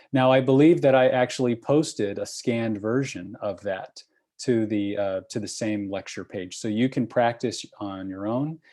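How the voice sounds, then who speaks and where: A course instructor leads an online review session over a computer mic, speaking in a fairly low, darkish voice. He's patient and encouraging, frequently checking in with "okay?" and "right?"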